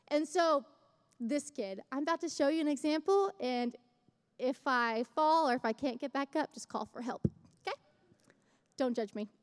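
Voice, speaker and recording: A young woman with a very high voice gives a church message. She talks in a chatty, self-mocking way, then rises into fervent exhortation. It sounds like a live church service. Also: long reverb tail. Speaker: church speaker. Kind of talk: sermon with personal story.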